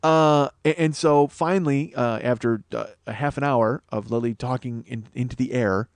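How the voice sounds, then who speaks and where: A man's voice: mid-range voice, normal speed, no room sound. Exasperated man ranting his story. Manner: exasperated, profane, self-mocking. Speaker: podcast host. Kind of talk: rambling comic storytelling.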